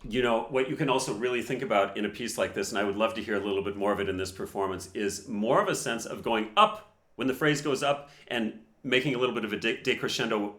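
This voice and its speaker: A man's voice: lowish voice, fast talker, fairly bright tone, echoey room. A man reviewing a piano performance and teaching technique in a casual, explanatory way, counting beats aloud.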